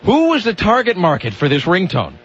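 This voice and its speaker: A man's voice: high-pitched, wildly swooping pitch, fairly quick, a little hiss or hum. A man hosting a radio talk show, rambling through sardonic comic riffs with lots of restarts. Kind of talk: casual comic radio banter. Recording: dull lo-fi radio broadcast.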